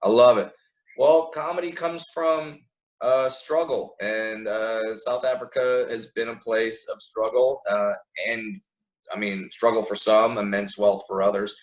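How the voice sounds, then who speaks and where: Animated American man, casual chat. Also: fairly low pitch, measured pace, low-quality recording. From United States. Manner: animated, acts out quoted voices, frequent restarts. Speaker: guest comedian. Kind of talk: casual podcast conversation.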